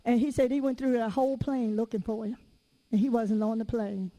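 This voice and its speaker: A woman preaching a sermon, telling personal stories in a lively, conversational and casual way. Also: a little high, a little fast, low-quality recording. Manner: casual everyday phrasing.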